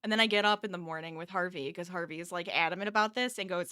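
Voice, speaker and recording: Woman, casual streamer, tired but chatty, laughs easily, crisp bright tone. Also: mid-range voice, expressive, fairly quick, dry recording, clean studio sound. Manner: chatty, laughs often, reads chat aloud. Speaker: crochet streamer. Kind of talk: casual live-stream chat. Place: home office.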